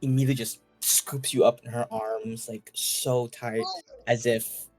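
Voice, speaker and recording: A man's voice: medium pitch, little pitch movement, measured pace, darkish tone, soft background music. A man narrating a tabletop role-playing scene as game master, loose and full of fillers.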